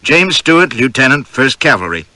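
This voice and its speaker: A man's voice: medium pitch, very animated, moderate pace, sharp tone, no echo, voice pushed up. A man voicing a polite male cavalry officer with a pleasant Southern US accent, read in an audiobook. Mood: courteous.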